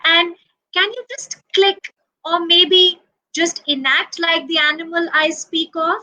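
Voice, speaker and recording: Bright, slow-paced woman storyteller for kids. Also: very high voice, rough recording. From India. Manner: animated, slow and expressive, drops to whispers, sings refrains. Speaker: storyteller for preschool children. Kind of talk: storytelling to young children.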